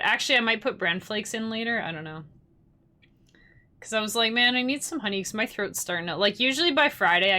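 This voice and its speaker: Young woman streamer, bright voice, chatty and rambling, quick to laugh. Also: medium pitch. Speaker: musician streaming live to supporters. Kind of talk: casual livestream chat.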